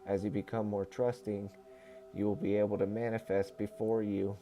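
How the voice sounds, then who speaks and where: Male stream host, even-toned, measured reader who slips into relaxed chat with viewers. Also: lowish voice, soft background music. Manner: calm, measured reading, turning casual and friendly when greeting chat. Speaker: livestream host reading aloud. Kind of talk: reading a book aloud on a livestream, chatting with viewers.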